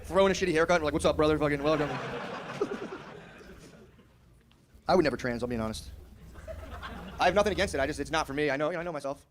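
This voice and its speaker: A man's voice: fairly high pitch, fast talker, pauses often, a little hiss or hum. A man doing a stand-up comedy set, brash and crude, talking casually and slipping into mocking voices.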